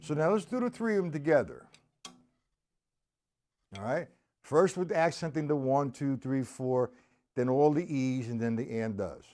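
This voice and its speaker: A man's voice: mid-range voice, expressive, moderate pace, long pauses, loud music behind the voice. A man giving a casual live-streamed drum lesson and chatting with viewers between exercises. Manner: casual, chatty, reads viewer comments aloud. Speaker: drum teacher. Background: drums played between talk.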